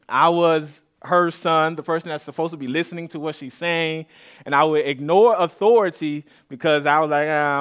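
A man from east Austin preaching a sermon to his congregation, telling stories in a relaxed, conversational way with asides. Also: on the high side. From east Austin, Texas. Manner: conversational, storytelling, with asides and laughs. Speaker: pastor. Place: church sanctuary.

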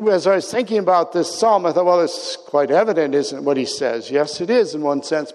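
Slow, high-voiced preacher in a reverberant hall. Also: male voice, a little mellow. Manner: reflective storytelling, drops to near-whispers for emphasis. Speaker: pastor. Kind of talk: sermon.

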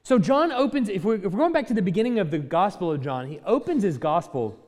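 A man's voice: high voice, big pitch swings, fairly quick, hardly any pauses, a little mellow. Man preaching in a reverberant hall. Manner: reads scripture aloud, then teaches in a loose conversational way. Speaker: pastor. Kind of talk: sermon.

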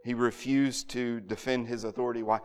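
A man's voice: medium pitch, moderate pace, in a large hall. A man preaching an expository sermon, earnest and often repeating words as he restarts a thought.

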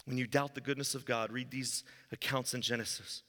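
A man preaching a sermon as pastor, telling a story and moving between loud emphasis and hushed, low lines. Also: steady tone, fairly quick. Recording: long hall reverb.

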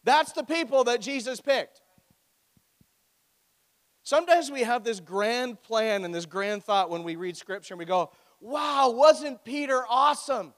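A man's voice: high-pitched, a little slow, long pauses. A man preaching a sermon as pastor, with a joking, conversational storytelling manner. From Ontario, Canada. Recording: echoey hall.

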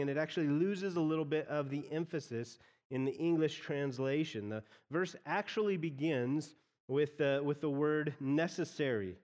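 A man's voice: on the high side, darkish tone, big-room sound. A man preaching an expository sermon as pastor, often repeating phrases as he explains a text.

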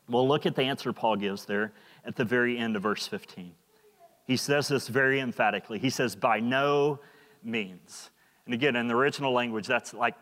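A man's voice: medium pitch, fairly bright tone. A man preaching a sermon in a church, earnest and emphatic, often repeating words. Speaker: pastor. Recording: long hall reverb.

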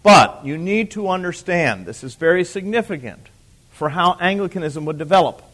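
A man's voice: high-pitched, animated, normal speed, a bit bright. A man teaching church history to a live class. He repeats key points for emphasis, asks the room questions and throws in dry teasing asides.

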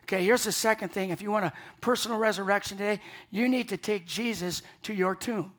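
A man's voice: high-pitched, brisk, a bit bright. A man preaching an Easter morning sermon, earnest and emphatic, often repeating words as he builds a point. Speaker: pastor.

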